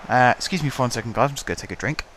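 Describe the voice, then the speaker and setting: A young man with a hoarse voice, chatting casually and calling the action play by play as he commentates his own football management game at home. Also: medium pitch, very fast, fairly bright tone, a little hiss or hum. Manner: chatty, wry, calls the match play by play. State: hoarse from shouting. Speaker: gaming channel host.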